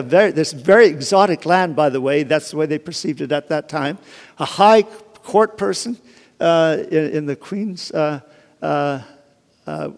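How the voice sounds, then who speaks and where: A man giving an informal sermon, retelling a Bible story conversationally, with many restarts and asides. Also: high voice. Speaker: preacher. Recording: long hall reverb.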